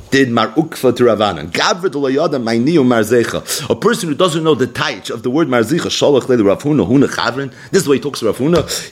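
A man's voice: medium pitch, slight background noise. A man teaching a daily Talmud lesson. He reads the Aramaic text line by line, explains it in English, and acts out the rabbis' exchanges expressively.

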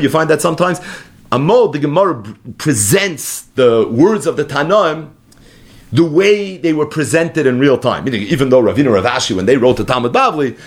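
A man teaching a Talmud lesson in English, explaining each term in an animated, sing-song study cadence. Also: mid-range voice. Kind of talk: daf yomi Talmud lesson.

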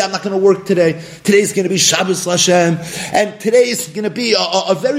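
A man's voice: high-pitched, expressive, fairly quick. A man giving a Talmud study lecture, animatedly posing questions and then answering them himself. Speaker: Talmud teacher.

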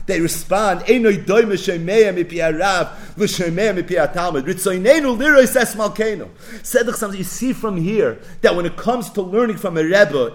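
A man gives a Torah class, his voice pitched a little high and swinging widely up and down. He talks in an animated way and sprinkles Yiddish and Hebrew terms through his English. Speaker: Torah teacher.

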